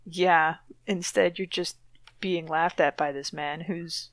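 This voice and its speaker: A woman reads a novel aloud with dramatic flair, then drops into sardonic commentary. Her voice sits on the low side, and the recording is dry and close. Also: fairly even intonation, slow pace, no room sound. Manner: wry, mocking asides. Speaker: podcast co-host reading a novel aloud.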